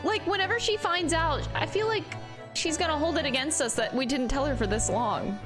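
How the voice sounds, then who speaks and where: A young woman streaming a game, reacting excitedly with swearing and outbursts. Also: sits high, a little fast. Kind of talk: let's play commentary. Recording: game music behind.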